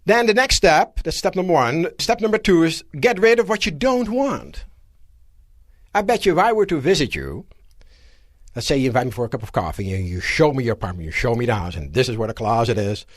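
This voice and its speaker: A man giving a live motivational seminar lecture to an audience in a room, animated and asking rhetorical questions. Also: mid-range voice, brisk, no room sound, studio quality. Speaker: seminar speaker.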